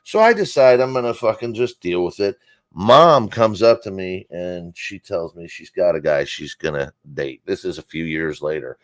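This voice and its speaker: A man's voice: sits low, lively intonation, moderate pace, no echo. A man telling a rambling, profane comic story on a casual talk show. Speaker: guest comedian.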